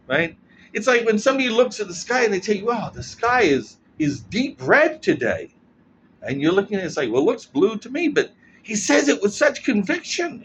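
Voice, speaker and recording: A man's voice: on the high side, slight background noise. A man giving a casual explanatory monologue as a political commentator. He talks in a blunt, sardonic way and keeps checking in with "right?". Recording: muffled lo-fi recording.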